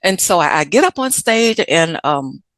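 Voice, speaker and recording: A woman from Chicago, a guest in an interview, telling stories from her life in a lively way and acting out the people she quotes. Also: fairly low pitch, moderate pace, dry recording. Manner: animated, acts out quoted people. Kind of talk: storytelling interview answers.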